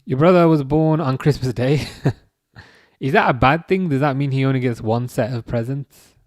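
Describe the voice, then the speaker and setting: A man in his thirties hosting a live football watchalong, chatting casually and reading out comments, with a halting, restarting way of talking. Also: medium pitch, darkish tone, no room sound, clean studio sound. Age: 30s. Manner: halting, many restarts, chuckles often.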